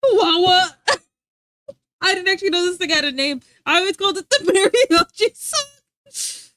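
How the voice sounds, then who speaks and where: A young American woman streaming live, chatting casually with viewers in an animated, rambling way and laughing often. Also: very high voice, measured pace, no room sound. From United States. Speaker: livestreamer.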